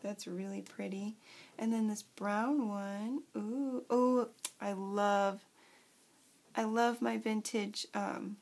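A woman vlogger chatting casually as she unboxes craft supplies, gushing and excitable. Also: a little high, slow, creaky.

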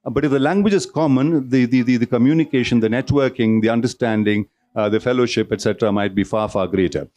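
A man at mid pitch delivers a public talk in a lecture hall. He talks in loose, discursive runs and often stumbles and repeats a word before going on. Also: fast, few pauses, a little mellow. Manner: discursive, with frequent restarts and repeated words. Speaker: speaker at a cultural centre talk.

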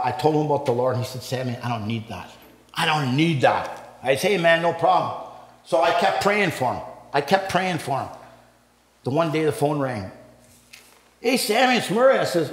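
A man's voice: a little high, bright, forceful tone. Older man telling his story in an echoey church hall. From Canada. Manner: rambling storyteller, acts out quotes, laughs, rises to preaching. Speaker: guest speaker giving his testimony. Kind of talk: testimony talk at a men's breakfast.

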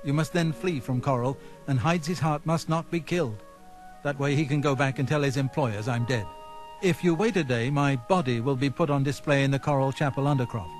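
A man's voice: medium pitch, a little fast, faint music behind, natural voice. An actor playing a nervous, fussy male nobleman in a video game, flustered and apologetic, with an overdone foreign lilt.

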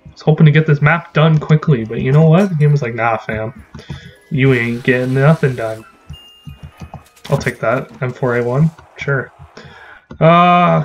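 A man's voice: on the high side, dull audio. A man giving casual, rambling gameplay commentary as a gaming channel host, swearing when frustrated.

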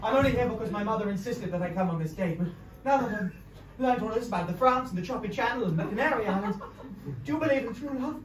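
A woman's voice: on the high side, lively intonation, quick pace, natural voice. A woman playing a lovelorn lady on a date. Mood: curious. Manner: dramatic, pleading. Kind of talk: improvised live stage comedy. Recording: echoey club from far off, audience noise.

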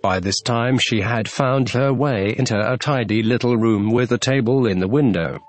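A man reading a classic storybook aloud as narrator, in a measured, even storytelling manner. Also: medium pitch, no echo, faint music behind. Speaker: audiobook narrator.

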